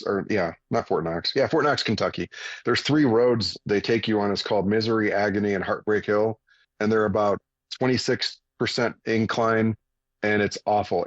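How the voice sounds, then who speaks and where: A fitness coach in his forties appears as a radio guest, telling a story conversationally in an earnest, plain-spoken way and getting animated when retelling events. His voice is lowish, and the recording is dry and muffled.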